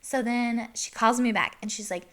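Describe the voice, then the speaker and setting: Woman host, bright and chatty, casual anecdote with laughs and fillers. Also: on the high side, normal speed. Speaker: podcast host. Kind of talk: casual storytelling.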